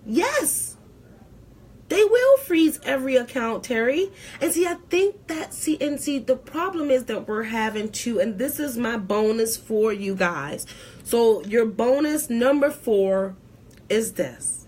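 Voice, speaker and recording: A woman's voice: fairly high pitch, expressive, unhurried, darkish tone. A woman accountant on a live stream, giving tax advice in an emphatic, preachy way and repeating her key points.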